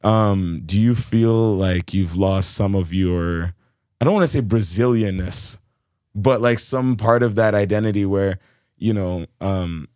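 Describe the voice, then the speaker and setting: A man's voice: on the low side, measured pace, a little mellow, dry recording, clean studio sound. A young man from Kenya hosting a casual podcast chat, reflective and hesitant, full of fillers and restarts, laughing easily. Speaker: podcast host.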